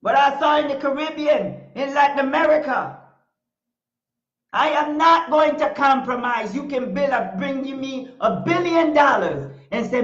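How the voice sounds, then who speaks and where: A woman's voice: high voice, expressive, measured pace. Fiery preaching woman talk show host. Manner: fiery, declarative, repeats phrases for emphasis. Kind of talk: impassioned preaching monologue. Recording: echoey room, dull lo-fi sound.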